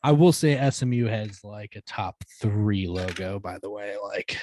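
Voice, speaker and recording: Low-voiced easygoing podcast co-host man. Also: fairly even intonation, a little slow, a crowd in the background. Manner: easygoing, reads out lists steadily. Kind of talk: casual chat.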